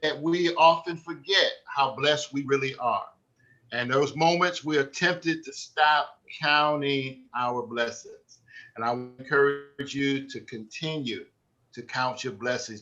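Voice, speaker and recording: A man moderating a church talk program, giving closing devotional remarks in an unhurried, earnest way with frequent fillers. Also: a little high, pushed and bright. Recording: dull lo-fi sound.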